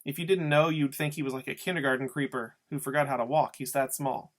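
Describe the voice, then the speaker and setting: A man's voice: medium pitch, fairly even intonation, fast talker. A man reading a novel aloud as an audiobook, telling the story in a casual first-person voice. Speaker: audiobook reader.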